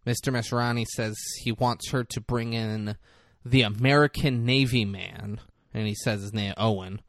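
A man's voice: lowish voice, steady tone, normal speed, fairly bright tone, no echo. Young male co-host, rambling profane recap, dry close sound. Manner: rambling, joking, swears often. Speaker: podcast co-host. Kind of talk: casual, profane movie recap.

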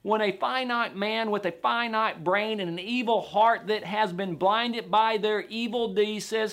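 A man preaching a sermon in an animated way, sometimes acting out doubters in a higher voice. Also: unhurried. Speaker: pastor.

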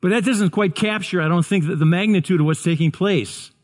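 Brisk and high-voiced, a 60-something pastor preaches with earnest feeling. His words come with frequent repeats and stumbling restarts, rising eventually to excited shouts.

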